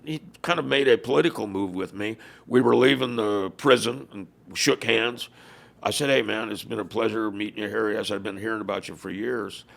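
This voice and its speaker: Gravelly low-voiced older man telling stories. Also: a little fast. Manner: gravelly, acts out quoted dialogue. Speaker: former biker club leader, guest. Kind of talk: storytelling in a podcast interview.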